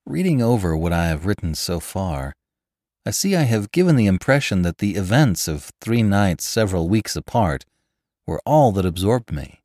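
A man narrating a classic novel in a measured, expressive reading. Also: low voice, no echo, clean studio sound. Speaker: audiobook narrator.

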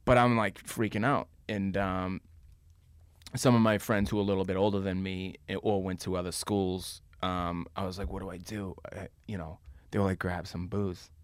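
A man's voice: deep voice, level tone, moderate pace, clear, resonant tone, dry recording. A man in his thirties, a podcast guest, telling a long story casually with lots of fillers and laughs. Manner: laughing, rambling anecdotes with many fillers.

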